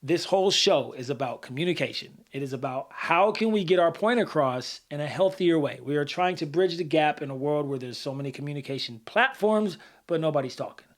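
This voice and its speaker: A man co-hosting a casual podcast, animated, swearing freely and acting out heated examples. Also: a little high, fairly quick, few pauses. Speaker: podcast co-host. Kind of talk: casual conversational podcast talk.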